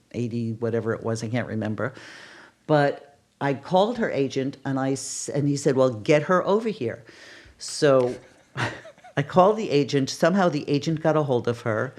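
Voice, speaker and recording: An older woman, a casting director, telling stories in a podcast interview and acting out the exclamations she quotes. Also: a bass voice. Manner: animated, acts out quoted exclamations.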